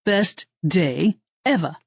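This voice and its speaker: A woman's voice: lowish voice, expressive, slow pace, slightly rough, no echo, exaggerated voice. A woman voicing a cheerful male werewolf family man who rambles on about his kids. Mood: chatty.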